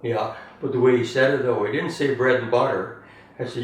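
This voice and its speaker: Speaking a little fast with fairly even intonation and a medium pitch, an older man tells family stories in a rambling, chuckling way, tacking "eh?" onto his sentences. It's casual reminiscing, caught on a distant mic in a roomy space with faint background noise.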